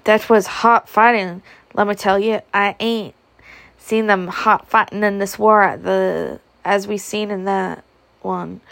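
A woman's voice: mid-range voice, steady tone, unhurried, creaky, a bit bright, no room sound. A woman reading a boastful Yankee sergeant. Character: gruff Yankee sergeant, older soldier, boastful. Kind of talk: audiobook character reading.

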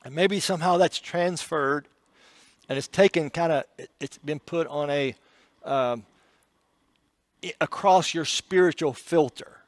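A man preaching a sermon, telling an emotional story and shifting between hushed passages and loud, pleading ones. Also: on the high side, unhurried, pauses often, dry recording.

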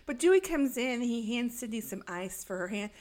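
A woman's voice: on the high side, lively intonation, moderate pace. A woman in casual conversation, walking through a film's plot with dry sarcasm. She slips briefly into other characters' voices as she tells it. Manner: chatty, sarcastic retelling with put-on voices. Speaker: podcast co-host. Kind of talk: casual chat recapping a movie.

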